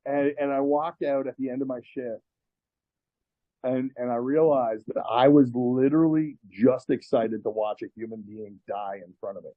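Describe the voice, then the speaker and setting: Mid-pitched man, frank storyteller, swears freely. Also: darkish tone. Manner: candid, profane, lots of fillers. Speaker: tattoo artist guest. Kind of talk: casual storytelling.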